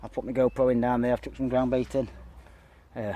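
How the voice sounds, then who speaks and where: A man's voice: medium pitch, little pitch movement, a little fast, warm tone, slight background noise. A man talking casually to a handheld camera outdoors by a pond, a bit out of breath and rambling with fillers. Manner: rambling, chatty, lots of uh and so. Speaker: fishing vlogger. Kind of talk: casual vlog talk to camera.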